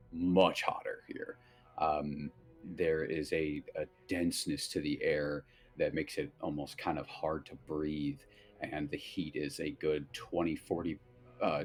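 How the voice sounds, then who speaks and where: A man narrating a tabletop game as game master, in a loose, relaxed way with lots of fillers. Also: very deep voice, breathy edge.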